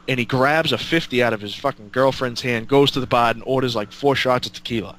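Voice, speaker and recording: A man's voice: medium pitch, moderate pace, a bit bright. A man telling a long, rambling road story in casual chat, swearing and laughing as he goes. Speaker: storyteller guest.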